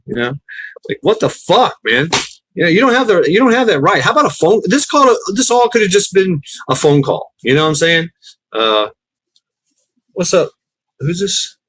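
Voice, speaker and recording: A man's voice: sits high, sing-song, moderate pace, fairly bright tone, breathy edge. A man hosting a casual livestream chat, rambling and swearing freely, often laughing as he talks. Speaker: livestream host.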